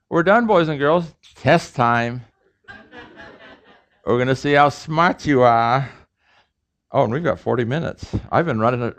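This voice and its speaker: Playful male professor drilling vowel sounds. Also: mid-range voice. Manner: playful, drills sounds aloud, asks the class questions. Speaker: professor teaching a language class. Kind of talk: classroom lecture. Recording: dull lo-fi lecture recording.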